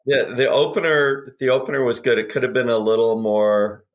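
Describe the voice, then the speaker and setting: A man's voice: medium pitch, moderate pace. A man talking as a sales expert on a podcast, telling anecdotes and acting out quoted dialogue with energy. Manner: animated storyteller, acts out quotes. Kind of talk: podcast conversation.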